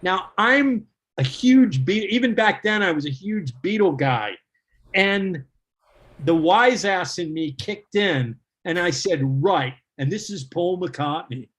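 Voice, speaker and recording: A middle-aged man telling a casual anecdote, animated and laughing as he acts out what people said. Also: high voice, slow. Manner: animated, laughing storyteller who acts out quotes. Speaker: guest storyteller.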